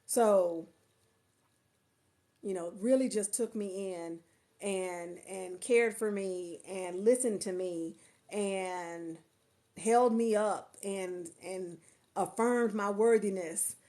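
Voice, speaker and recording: A woman's voice: medium pitch, slow, mellow. A woman coach chatting casually to viewers on a livestream from her couch, affectionate and rambling, often repeating herself. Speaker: coach and marketer. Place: at home on a couch.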